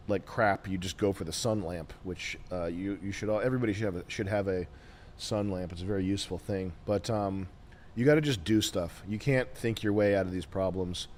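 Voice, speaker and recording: A man hosting a casual podcast, ranting with lots of swearing, then settling into quieter musing. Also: on the low side, steady tone, moderate pace, slight background noise. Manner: profane, emphatic, trailing into quiet musing. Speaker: show host.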